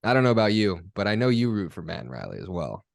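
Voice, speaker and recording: A young man hosting a podcast, chatting casually in a relaxed, rambling, self-deprecating way. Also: lowish voice, quick pace, gravelly, dry recording, studio quality. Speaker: podcast host and pro player.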